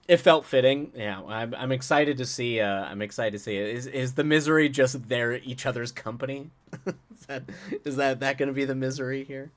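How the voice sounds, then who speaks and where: A man hosting a live stream, chatting with viewers in a rambling, halting way full of restarts and chuckles, then reading a story aloud. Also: mid-range voice. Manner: answers chat directly, playful.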